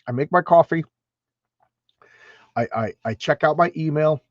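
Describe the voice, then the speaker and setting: A man's voice: fairly high pitch, normal speed, no echo, muffled recording. Chatty man reviewing comics on stream. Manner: chatty, emphatic, frequent restarts. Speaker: comic book channel host. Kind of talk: casual livestream comic review. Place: home room with stacks of comics.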